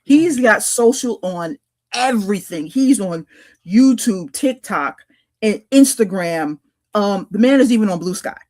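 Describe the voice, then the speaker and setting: A woman's voice: mid-range voice, animated, measured pace, a little mellow. A woman co-hosting a podcast who tells a story in casual chat. She rambles and hesitates, with many fillers and restarts. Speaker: podcast co-host.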